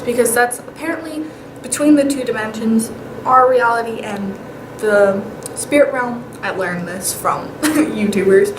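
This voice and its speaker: A young woman vlogger telling paranormal stories in a casual, animated way. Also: fairly high pitch, a little slow. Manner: chatty, animated, with whispered asides. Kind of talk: casual storytelling. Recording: echoey room with clear background noise.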